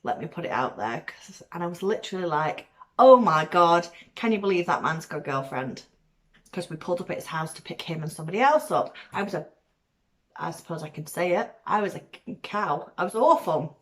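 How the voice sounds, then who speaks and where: Woman vlogger, softened Manchester accent, slightly low voice, chatty and rambling to camera. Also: expressive, fairly quick. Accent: weakened Mancunian, softened by years in Cornwall. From Manchester, England. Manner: chatty and rambling, with frequent ums and laughs. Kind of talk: casual chat to camera.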